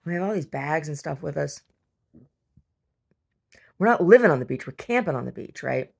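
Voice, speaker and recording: Low, gravelly woman chatting casually. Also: expressive, normal speed, a little mellow. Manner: chatty, heavy use of fillers and restarts. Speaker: podcast host. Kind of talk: casual rambling storytelling.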